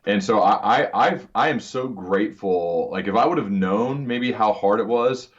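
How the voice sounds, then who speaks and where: A man's voice: fairly low pitch, moderate pace. A man hosting a podcast interview, talking earnestly and often restarting his words. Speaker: podcast host. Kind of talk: conversational interview. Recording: dull lo-fi sound.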